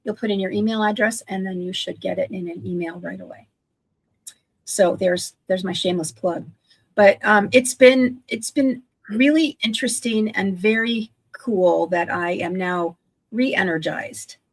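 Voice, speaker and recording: An older woman in her sixties talks in a gravelly voice with a husky edge. She chats eagerly on a video call, piling up restarts and asides as she goes. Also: mid-range voice, measured pace. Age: 60s. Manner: chatty, self-correcting, enthusiastic. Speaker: guest, online business owner. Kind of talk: casual livestream chat.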